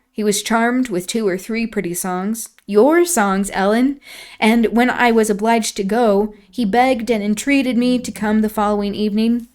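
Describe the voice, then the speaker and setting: A woman reading a classic novel aloud on a stream, breaking off for quieter, reflective asides. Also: medium pitch.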